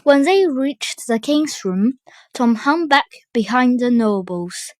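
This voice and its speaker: A woman reading a children's storybook aloud, slowly and expressively. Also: a little high, no room sound. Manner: slow, careful, expressive reading. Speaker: storybook reader.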